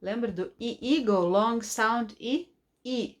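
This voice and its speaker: A woman with a Brazilian Portuguese accent teaching children phonics, slowly modeling each sound and asking them to repeat. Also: fairly high pitch. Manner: slow, drawn-out modeling of sounds for repetition.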